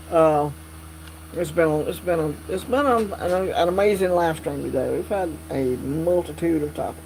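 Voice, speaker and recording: A man hosting a casual live stream, chatting with viewers in a relaxed, drawling way. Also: fairly high pitch, normal speed, rough recording. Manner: drawling, relaxed, reads and answers chat. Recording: faint mains hum.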